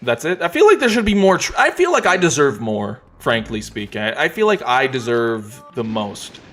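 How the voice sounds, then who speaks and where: A man streaming a game, talking in a relaxed, wry, joking way as he plays. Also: mid-range voice, normal speed. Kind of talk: casual gameplay commentary.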